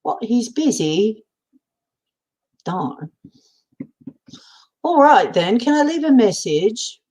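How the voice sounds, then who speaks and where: A prim caller ringing up the land of the dead, as a woman puts her on in a mock-British accent. The voice sits high, with a theatrical telephone primness. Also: very animated, slow, darkish tone, heavily acted. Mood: playful. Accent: put-on British.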